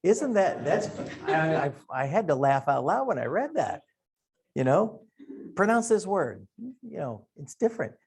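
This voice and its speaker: A man's voice: fairly high pitch, sing-song, measured pace, vocal fry, a little mellow, slightly rough. A middle-aged man from Wisconsin teaching a Sunday Bible class, talking in a folksy, conversational way and thinking aloud. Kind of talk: Sunday school Bible lesson.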